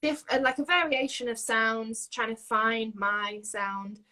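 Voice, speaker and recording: A woman's voice: fairly high pitch, measured pace, bright, forceful tone, low-quality recording. A young woman from Yorkshire with a Yorkshire accent, a singer-songwriter chatting as an interview guest, giggly and full of fillers. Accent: Yorkshire English. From Yorkshire, England. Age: young adult. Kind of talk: casual interview chat.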